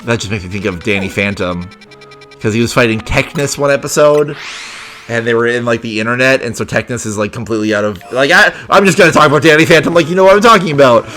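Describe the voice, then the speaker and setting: A man talking casually while playing a video game, chatty and excitable. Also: medium pitch, fast, soft background music. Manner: chatty, excitable, reads game dialogue aloud. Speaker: gaming video host. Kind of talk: casual let's play commentary.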